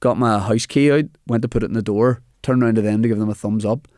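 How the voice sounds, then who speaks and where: A young Northern Irish comedian with a lowish voice speaks quickly, recorded with clean studio sound and no echo. He's a guest in a casual chat, animatedly telling a funny story and acting out the quoted dialogue.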